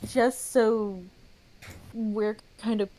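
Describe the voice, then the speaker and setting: A woman playing a tabletop game, chatting casually with quick questions and asides. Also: a little high, fairly even intonation, dark tone, rough recording. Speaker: player.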